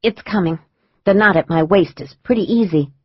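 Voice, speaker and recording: A woman voicing a tough, brisk young woman agent. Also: medium pitch, breathy edge, dry recording, lo-fi sound, close to an everyday voice. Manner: brisk and practical.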